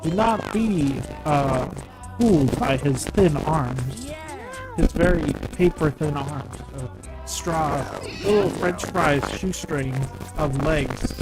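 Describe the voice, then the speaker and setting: A mid-pitched live streamer chats casually over a game, rambling and cracking jokes while reading chat aloud. Game music plays clearly in the background. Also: slow, poor audio.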